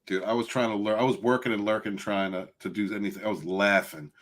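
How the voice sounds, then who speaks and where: Um homem apresentando um podcast, animado, chamando os convidados de irmão. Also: male voice, fairly low pitch, steady tone, fast. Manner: upbeat, calls guests brother. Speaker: podcast host. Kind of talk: casual podcast hosting.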